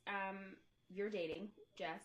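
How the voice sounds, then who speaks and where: A young woman co-hosting a podcast in casual chat, talkative and quick to laugh. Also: mid-range voice, steady tone, background noise. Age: young adult. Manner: chatty, laughs often. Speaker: podcast co-host.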